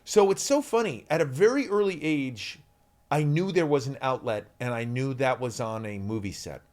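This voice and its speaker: Animated middle-aged man telling stories. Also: mid-range voice, normal speed. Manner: animated, acts out shouted quotes, many ums. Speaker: actor guest. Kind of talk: podcast interview storytelling.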